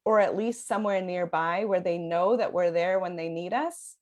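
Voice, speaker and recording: A woman's voice: fairly low pitch, normal speed, highs cut off. A young adult woman coach speaking earnestly in a podcast conversation, talking in long flowing sentences and laughing often. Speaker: parenting sleep coach guest.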